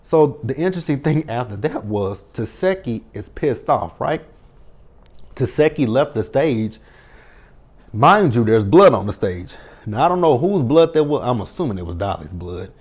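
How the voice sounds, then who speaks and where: A man's voice: medium pitch, very animated, normal speed, a little mellow, breathy edge. Blunt, profane man recapping reality TV. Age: 30s. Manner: blunt and profane, talks straight to the cast members. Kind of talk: casual recap commentary.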